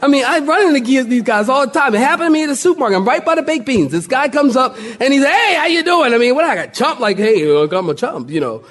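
A pastor preaching to his congregation in a high voice that swoops up and down. He tells his stories with animation, acting out the people in them, and calls out to the saints as he goes. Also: fast talker, few pauses. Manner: animated storyteller, acts out characters in the story. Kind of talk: sermon.

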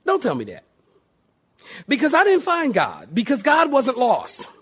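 A middle-aged man, a pastor preaching a sermon, addressing the congregation with questions and calls for amen, swinging from loud emphasis to quiet intimacy. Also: very high-pitched, wildly swooping pitch, measured pace, slightly rough.

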